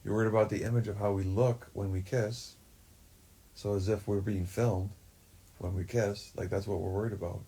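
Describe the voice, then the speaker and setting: A man's voice: fairly low pitch, steady tone, moderate pace, warm tone, slightly rough. A man talking in a rambling, profane way, full of fillers, in a livestream monologue. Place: forest shack.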